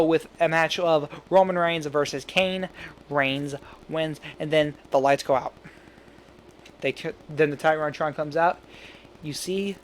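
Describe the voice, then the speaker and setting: A man with a somewhat high voice chats loosely on his own, rambling from point to point with quick asides and little laughs. It sounds like a home recording with a faint background hiss. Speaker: fantasy booking commentator. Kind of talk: casual solo commentary.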